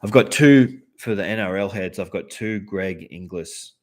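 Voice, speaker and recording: A man's voice: lowish voice, normal speed. A man in his thirties with an Australian accent, chatting casually to camera about his cards, laid-back and swearing freely. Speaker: card collector and channel host.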